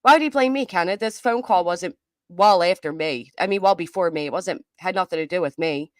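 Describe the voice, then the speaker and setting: A woman's voice: lowish voice, fairly quick, dry recording, clean studio sound. A woman doing live reaction commentary, chatty and reading viewer comments aloud. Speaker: commentary streamer.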